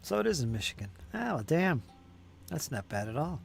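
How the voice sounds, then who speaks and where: A man's voice: on the high side, sing-song, fairly quick, creaky, soft background music. A man hosting a miniature painting stream, chatting casually and musing aloud as he reads viewer comments and repeats words to himself. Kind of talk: casual chat while painting and reading viewer chat.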